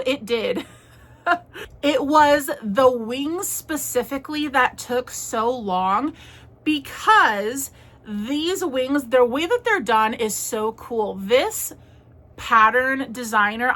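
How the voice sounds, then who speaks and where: A woman's voice: fairly high pitch, bright, forceful tone. A young woman chatting casually as a crochet vlogger, rambling and friendly in tone. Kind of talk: casual chat.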